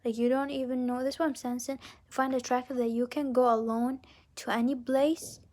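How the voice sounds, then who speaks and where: A woman giving a casual pick-a-card reading, talking haltingly with lots of restarts and often slipping into a whisper. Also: high-pitched, little pitch movement, darkish tone. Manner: often drops into a whisper mid-sentence. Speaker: tarot card reader.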